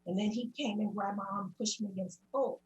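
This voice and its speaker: A woman's voice: mid-range voice, steady tone, fast, dull audio. Woman giving earnest public testimony. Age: adult parent. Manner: earnest, recounting events in detail with many quotes. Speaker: public commenter. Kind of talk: personal testimony at a public meeting.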